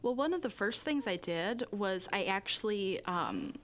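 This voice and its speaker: A woman's voice: mid-range voice, animated, a little slow, slight background noise. A young woman giving a candid personal interview, rambling with lots of fillers and nervous little laughs. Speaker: interview guest.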